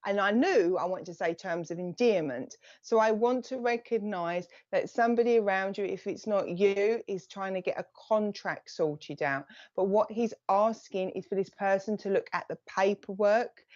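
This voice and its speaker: A woman giving live psychic readings, chatting in quick bursts and thanking viewers by name as she relays messages. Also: medium pitch, a little mellow, dry recording, highs cut off.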